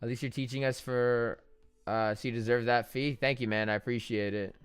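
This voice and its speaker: A man's voice: mid-range voice, steady tone, brisk, clean tone, no room sound, faint music behind. A young man chatting casually on a live trading stream, joking and making fun of himself as he goes. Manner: chatty, joking, self-deprecating.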